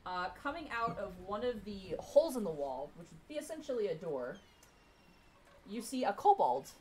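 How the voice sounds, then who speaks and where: A woman's voice: medium pitch, sing-song, moderate pace, mellow, husky. A woman narrating as game master of a tabletop game, chatty and laughing between lines.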